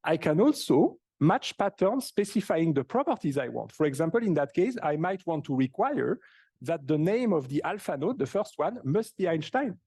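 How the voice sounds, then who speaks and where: A man's voice: on the high side, sing-song, normal speed, mellow, husky. Enthusiastic male lecturer explaining step by step. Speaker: university lecturer. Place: lecture hall.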